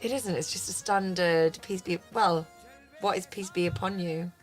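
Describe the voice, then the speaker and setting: A woman's voice: lowish voice, fairly even intonation, moderate pace, soft background music. A woman co-hosting a community radio drive-time show, reading listener messages in a chatty, giggly, self-deprecating way. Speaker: radio co-host.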